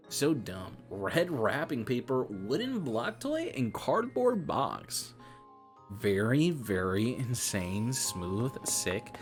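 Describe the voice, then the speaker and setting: Very low-voiced giggly woman streamer. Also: darkish tone. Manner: profane, giggly, rambling commentary. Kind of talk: casual gameplay chat. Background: game music.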